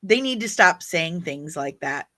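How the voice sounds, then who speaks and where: A woman's voice: on the low side, animated, a little slow, sharp tone. A woman hosting a casual livestream, chatty and opinionated as she reacts to viewer comments. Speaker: livestream host reading chat.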